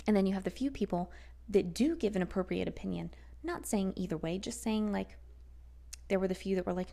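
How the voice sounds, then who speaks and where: A woman host talking on her own podcast in a voice with a lot of gravel and fry in it. She talks in a heated, sarcastic way and swears freely. She speaks at a mid pitch. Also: moderate pace, pauses often, dark tone. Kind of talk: solo podcast monologue.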